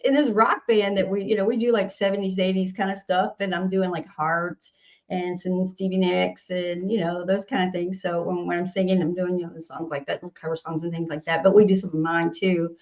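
A woman's voice: mid-range voice, darkish tone. Chatty Southern woman with a muffled sound. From Nashville, Tennessee. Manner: chatty, laughs often, trails off and restarts. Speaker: singer-songwriter guest. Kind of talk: casual interview chat.

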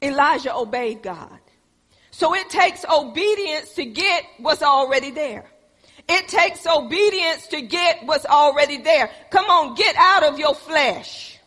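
Woman preacher, high-pitched and bright, asks her congregation questions and answers them, rises to shouts, hall reverb. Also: animated, measured pace. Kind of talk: sermon.

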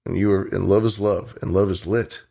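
A man's voice: sits low, fairly even intonation, fairly quick, vocal fry, warm tone. A young man co-hosting a podcast, laid-back and joking in casual chat. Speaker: podcast co-host.

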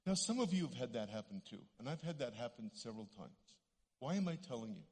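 A guest preacher, middle-aged and Canadian, speaks briskly in a mid-range voice with a breathy edge. His sermon is animated storytelling in which he acts out the voices. The church hall adds a long reverb.

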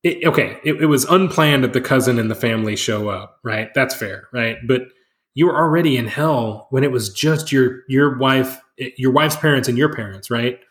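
A man's voice: medium pitch, moderate pace. A man co-hosting a casual podcast chat, hesitant, with frequent restarts, often checking with "right?". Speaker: podcast co-host.

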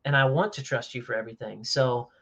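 Animated man telling stories, slightly dull sound. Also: medium pitch, fast talker. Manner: animated storyteller, jokey. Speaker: podcast guest, family coach. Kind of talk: casual chat.

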